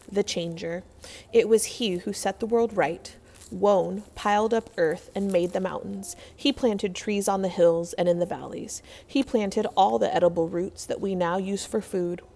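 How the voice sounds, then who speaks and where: A woman narrates a folktale in a measured, expressive way, with a mid-pitched voice. Her words carry a long, lingering hall reverb that trails after each phrase. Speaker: storyteller. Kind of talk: reading a folktale aloud.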